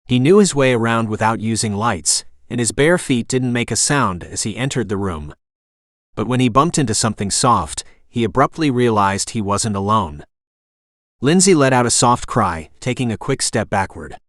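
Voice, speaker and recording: A man narrates a romance novel with steady, even delivery. His voice sits at a middling pitch. The recording is dry and close, with no room sound. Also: normal speed, no room sound. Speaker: audiobook narrator. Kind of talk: scripted narration.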